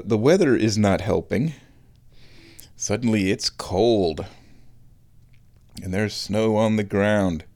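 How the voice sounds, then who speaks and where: Slow, chuckly man rambling solo. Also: fairly low pitch, a little mellow, dry recording. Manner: rambling, self-correcting, chuckling asides. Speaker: show host, committee chairman. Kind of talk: casual solo commentary while watching football.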